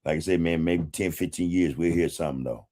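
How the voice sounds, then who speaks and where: Deep-voiced laid-back man chatting. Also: a little fast, mellow. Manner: laid-back, swears freely, chuckles often. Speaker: podcast host reading live chat. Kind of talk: casual livestream chat.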